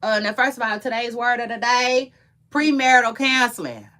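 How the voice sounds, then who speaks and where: At a moderate pace and in a slightly high voice that's bright and forceful, a young adult woman offers gossip and entertainment commentary to her viewers. She chats casually in AAVE, voicing strong opinions while rambling, repeating words, and letting thoughts trail off.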